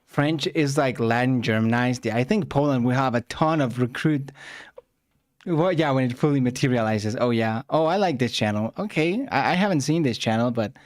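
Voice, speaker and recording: Man, native Spanish speaker, reaction streamer, casual rambling chat, medium pitch, dry close sound. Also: moderate pace, no echo. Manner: loose, filler-heavy, chats with viewers.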